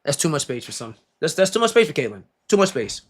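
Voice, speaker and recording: A man casually breaking down basketball footage, excitable and slangy, often repeating himself and laughing. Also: on the high side, quick pace, slight background noise. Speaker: basketball reaction creator.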